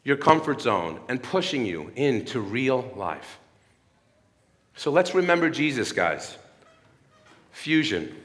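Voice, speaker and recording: A man's voice: on the high side, big pitch swings, measured pace, a bit bright, long reverb tail. A man in his thirties giving an earnest sermon-like talk at a church. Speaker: speaker at a church. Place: church hall.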